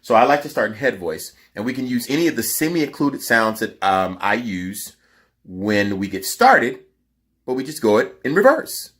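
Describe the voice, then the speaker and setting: A man's voice: mid-range voice, big pitch swings, normal speed, fairly bright tone. A man teaching singers a vocal cooldown in a casual, emphatic way, his voice sounding tired. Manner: emphatic, instructive. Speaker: vocal coach.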